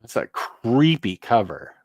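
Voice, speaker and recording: A man's voice: mid-range voice, big pitch swings, unhurried, a little mellow, husky, no echo, clean studio sound. A man hosting a live comic book stream, chatting casually and joking while he browses new releases. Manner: chatty, jokey, thinking aloud while browsing. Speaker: comic book show host.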